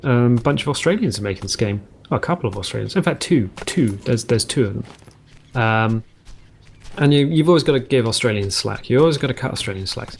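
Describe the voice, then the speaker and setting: A man's voice: medium pitch, lively intonation, fairly quick, creaky, a little hiss or hum. A man hosting a casual let's-play from home, rambling through jokey tangents and cutting himself off mid-sentence. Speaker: gaming video host.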